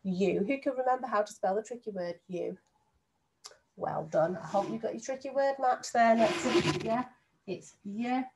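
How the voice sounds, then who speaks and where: A woman teacher giving a recorded lesson from home to young children, speaking slowly and clearly and sounding out words syllable by syllable. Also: a little high, darkish tone, slight background noise. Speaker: primary school teacher.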